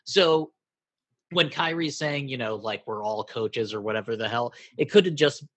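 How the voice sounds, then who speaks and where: A man's voice: a little high, lively intonation, normal speed, dry recording. A man from Brooklyn co-hosting a podcast, talking things through in a laid-back, musing way with lots of fillers. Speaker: podcast co-host. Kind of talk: casual sports chat.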